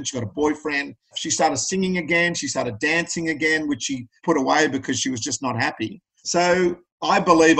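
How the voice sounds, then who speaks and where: A man's voice: fairly high pitch, a bit bright, husky, poor audio. A middle-aged Australian man speaking as a podcast guest, telling personal stories in an earnest, plain-spoken way. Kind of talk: candid interview talk.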